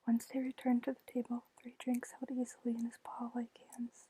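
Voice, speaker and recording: A woman reading a novel aloud in a soft unvoiced whisper, whispered role-play style. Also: a little high, monotone, moderate pace, few pauses, slightly rough, low-quality recording. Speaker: ASMR book reader.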